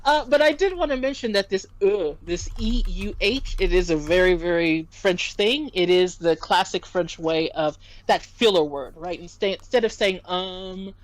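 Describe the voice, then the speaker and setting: A woman tutoring French in a casual stream lesson, animated and quick to laugh as she explains. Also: lowish voice, no room sound, poor audio.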